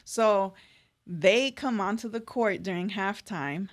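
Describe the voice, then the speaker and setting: An animated young woman from Los Angeles, telling a story in a casual interview. She acts out what people said and laughs often, in a voice of middle pitch. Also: slow pace. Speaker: guest artist.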